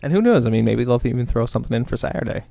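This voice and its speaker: A man's voice: medium pitch, lively intonation, rapid-fire, creaky, dark tone, no room sound. An American man co-hosting a podcast, teasing the others in casual chat. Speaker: podcast co-host.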